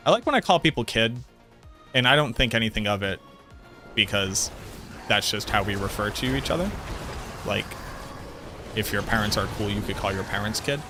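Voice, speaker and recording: A man's voice: fairly low pitch, lively intonation, normal speed, long pauses, sharp tone, faint music behind. A man streaming a game, chatting casually in a rambling, talkative way and correcting himself mid-sentence. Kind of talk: casual chat while gaming.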